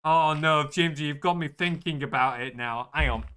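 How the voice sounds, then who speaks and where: A man's voice: fairly high pitch, moderate pace, bright, forceful tone, clear, resonant tone. A man hosting a live game stream, chatting casually, laughing often and greeting viewers. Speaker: streamer host.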